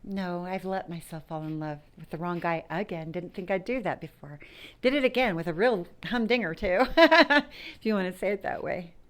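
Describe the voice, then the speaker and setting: A woman's voice: on the low side, normal speed. A woman talking frankly and emphatically to her viewers about self-worth and leaving bad relationships, dropping now and then to a whisper. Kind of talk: personal talk to camera.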